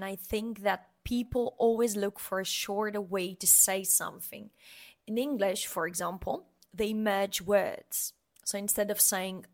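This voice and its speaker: A woman teaches on a casual podcast, taking her time over each word. She speaks slowly and sounds each word out carefully, then repeats it. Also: medium pitch. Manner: explains patiently, says the Greek words slowly and repeats them. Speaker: language teacher, podcast co-host. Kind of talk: casual language lesson.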